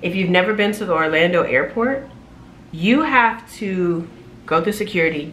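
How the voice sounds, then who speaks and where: A woman's voice: on the low side, moderate pace, slight background noise. Sassy woman telling a storytime vlog. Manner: animated, sassy, loud laughs, exclaiming. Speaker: flight attendant vlogger.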